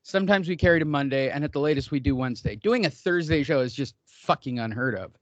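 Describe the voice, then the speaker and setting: A middle-aged man hosts a loose, joking podcast with a fairly high voice, telling rambling stories and teasing his co-hosts. The sound is dry and close but a little dull and muffled. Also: lively intonation, quick pace, no room sound. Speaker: podcast host. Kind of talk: casual banter podcast.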